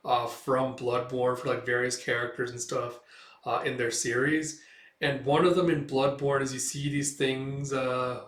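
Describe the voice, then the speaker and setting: A man's voice: medium pitch, a bit bright. Casual rambling male reader, swears often; roomy distant mic. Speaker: host reading a manga aloud. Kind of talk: casual reaction commentary.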